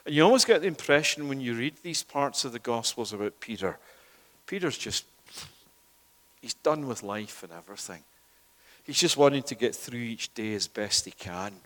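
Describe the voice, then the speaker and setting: A male preacher delivers a sermon in a middle-pitched voice. He swings between loud, urgent bursts and quiet, hushed near-whispers. His voice carries a long reverb, as in a large church hall. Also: lively intonation, moderate pace.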